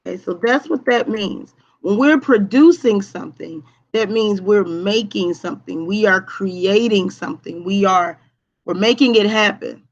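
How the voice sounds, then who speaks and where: A woman's voice: medium pitch, measured pace, highs cut off. A woman teacher giving a live online lesson to her students, repeating key points and checking in with "okay?". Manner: repetitive, emphatic, checks in with "okay?".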